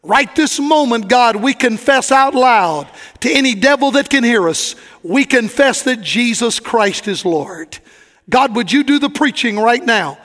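High-voiced preacher in a reverberant hall. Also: male voice, a bit bright. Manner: folksy preaching with rising fervor. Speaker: pastor. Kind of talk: sermon.

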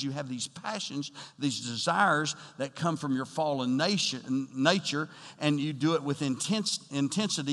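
A man's voice: a little high, sharp tone. Pastor guy preaching, punchy surges, talks right at the crowd, big church echo. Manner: preaching with rising emphatic bursts and direct address. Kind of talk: sermon.

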